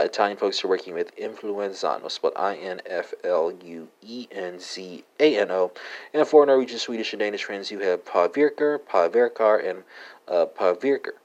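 Man, very low voice, language lesson host, halting delivery, spells words letter by letter.

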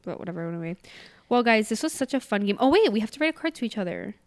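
A woman's voice: mid-range voice, sing-song, rapid-fire. A young woman co-hosting a casual chat, playful and giggly, often breaking into laughter. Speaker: co-host.

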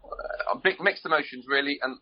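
Football manager guy on a podcast, slow and careful, lots of ums, muffled lo-fi sound. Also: mid-range voice. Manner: measured, hesitant with ums. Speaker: guest, football club manager. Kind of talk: casual interview. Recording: dull lo-fi sound.

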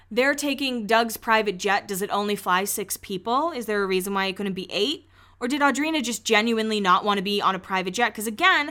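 A woman's voice: on the high side, sharp tone. A young woman hosting a podcast, recapping a reality show in chatty, gossipy talk full of "like" and casual swearing.

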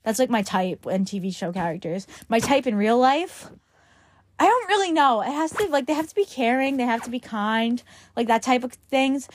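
Her voice leans high and expressive, moving at a normal speed over slight background noise. She's a teenager from Long Island, New York, hosting a podcast in a rambling, casual chat packed with the filler "like".

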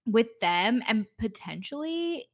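A woman's voice: a little high, big pitch swings, takes it slowly. A young woman in casual chat, animatedly retelling a show's scenes and acting out the characters' lines. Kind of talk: casual chat recapping a show.

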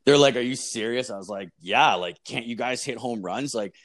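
A man's voice: mid-range voice, moderate pace. A young man telling a long story in casual chat, rambling and swearing, full of "like" and "dude". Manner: rambling, profane, lots of "like" and "dude".

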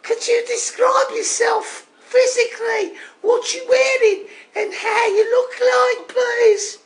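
A man voicing a cheeky male caller with a Birmingham accent who flirts loudly. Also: very high-pitched, level tone, slow pace, creaky, echoey room, far from the mic, voice pushed up, exaggerated voice, rough recording. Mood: flirty.

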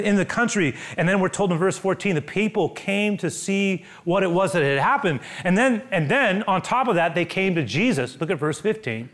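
A man delivers a sermon in a fairly high, animated voice, rising to loud exclamations and then dropping to hushed, near-whispered lines. He stumbles and repeats words as he acts out the people in the story. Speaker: pastor.

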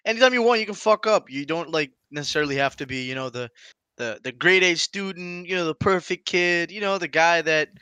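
A man from Aruba chatting casually, agreeable and quick to back others up. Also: fairly high pitch, bright, forceful tone, clean tone, dry recording. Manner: agreeable, backs others up with repeated "yeah". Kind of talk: casual chat.

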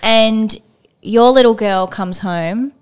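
A woman co-hosting a podcast, telling stories in an animated way and acting out past conversations. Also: a little high, slow pace, clear, resonant tone. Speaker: podcast co-host, former educator. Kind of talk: casual interview chat.

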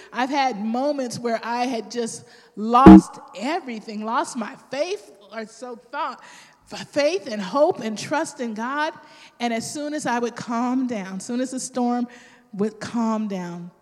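Woman preaching in an echoing hall. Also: on the high side. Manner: personal, animated storytelling with quoted voices. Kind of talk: sermon.

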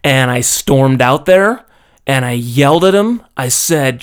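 A man's voice: medium pitch, lively intonation, takes it slowly, clear, resonant tone. A man telling a story in a casual, profane rant, often checking in with "okay?" and "you know?". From foreigner living in Japan. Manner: profane, exasperated, peppers talk with "okay?". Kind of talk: casual ranting monologue.

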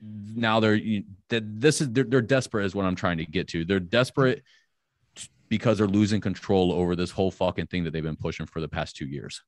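A man's voice: low voice, fairly quick, no echo. A man on a casual podcast, talking in a blunt, profane, ranting way. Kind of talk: casual heated podcast chat.

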